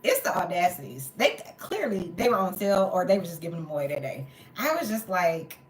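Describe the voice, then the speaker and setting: Woman vlogger, lower voice, tired and sore, animated venting in an echoey room. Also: brisk, hardly any pauses, a little hiss or hum. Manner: animated, exasperated retelling with swearing. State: tired and in pain. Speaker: storytelling vlogger. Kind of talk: casual storytime chat. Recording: roomy echo.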